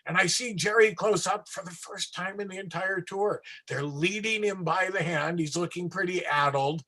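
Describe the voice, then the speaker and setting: High bright-voiced storytelling performer. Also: male voice, normal speed. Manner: animated, acts out voices, trails into asides. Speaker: street performer. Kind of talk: anecdotal storytelling in an interview.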